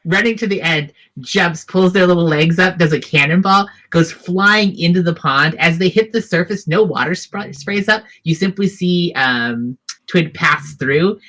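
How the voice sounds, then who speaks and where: This is a game master narrating a tabletop adventure. The voice sits at a middle pitch, describing each scene in detail with frequent ums, uhs and restarts. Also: a little slow, fairly bright tone. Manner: descriptive, hesitant with fillers.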